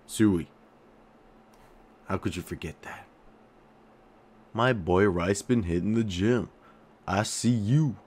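Young dude reading comments on his vlog, kinda low voice, crude and jokey, mumbles then yells. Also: slow, long pauses, slight background noise. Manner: joking, crude, teasing, swings between mumbles and outbursts. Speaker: YouTuber.

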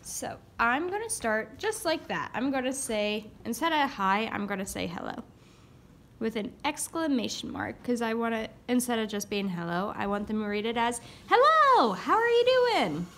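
A young woman teacher giving a recorded writing lesson, saying each word slowly aloud as she writes it down. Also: on the high side, expressive, slight background noise. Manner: slow, dictating words aloud as she writes. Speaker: elementary school teacher.

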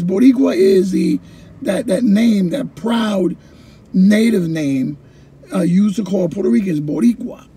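A middle-aged man, a former ESL teacher, telling his personal story in an animated way, repeating phrases and acting out his own past thoughts. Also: high voice, a little slow, slight background noise.

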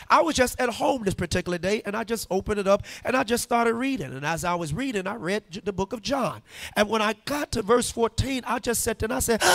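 A male pastor preaching with emphatic call-and-response, pushing some lines up to shouts. His voice sits high and swings widely in pitch. The sound is dry and close. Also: dry recording. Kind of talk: sermon. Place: church sanctuary.

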